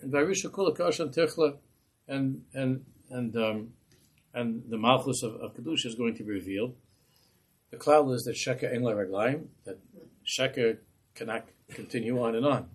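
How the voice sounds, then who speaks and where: A man's voice: medium pitch, moderate pace, breathy edge. A man, a rabbi, teaching a Torah class in a passionate, rhetorical way. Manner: impassioned, rhetorical.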